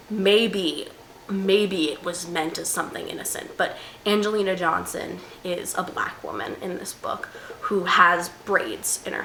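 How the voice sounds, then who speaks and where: A young woman talking through a book in a casual vlog. She is animated and self-mocking, swinging into mock outrage. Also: mid-range voice. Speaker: book vlogger. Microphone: camera mic. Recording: roomy room with faint hiss.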